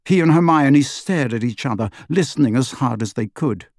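Expressive audiobook narrator, dry studio sound. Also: medium pitch, normal speed, dry recording. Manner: expressive storytelling. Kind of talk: scripted narration.

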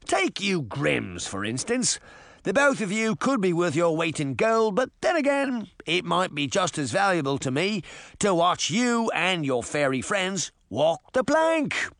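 A man voicing a gruff, greedy male pirate captain in an audiobook, growling and menacing. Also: high voice, sing-song, a little slow, fairly bright tone, no echo, clean studio sound, pitched above the performer's own voice, full character voice. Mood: gloating. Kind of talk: audiobook character voice.

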